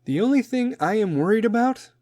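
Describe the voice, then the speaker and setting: A man's voice: expressive, fairly quick, no room sound, clean studio sound. Profane, rambling man in his thirties. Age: 30s. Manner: profane, rambling, laughs at his own jokes; swings between loud outbursts and low asides. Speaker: podcast host. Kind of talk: casual comedic monologue.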